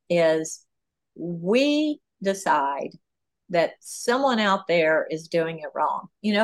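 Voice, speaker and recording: A woman talks as a podcast guest at a medium pitch. Her speech is animated, with frequent "um"s and "you know"s and sudden lifts in her voice when she gets excited. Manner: animated, talks through ideas with many fillers. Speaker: author and guest. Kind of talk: podcast interview.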